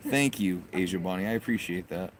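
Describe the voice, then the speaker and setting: Male livestream host, low voice, easygoing chat, recorded outside. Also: a little fast, a little hiss or hum. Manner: relaxed and chatty, greets viewers. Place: outdoors in a yard.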